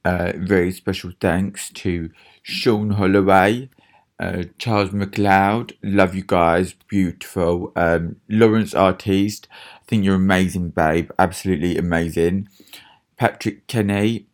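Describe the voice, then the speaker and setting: A man doing an impression of a glamorous celebrity woman, slow, loud and drawn out. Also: low voice, fairly even intonation. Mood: gushing.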